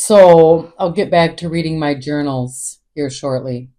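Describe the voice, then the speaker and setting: A woman's voice: low-pitched, a little slow, warm tone. A woman hosting her own podcast, talking alone in a candid, rambling way and swearing freely. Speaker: podcast host. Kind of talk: casual solo monologue.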